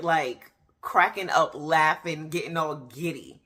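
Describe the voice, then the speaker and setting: A woman in her thirties giving a candid personal faith testimony, talking straight to her viewers with pauses and restarts. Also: low voice, expressive, pushed and bright. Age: 30s. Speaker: faith vlogger. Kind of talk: personal faith testimony, casual talk to camera.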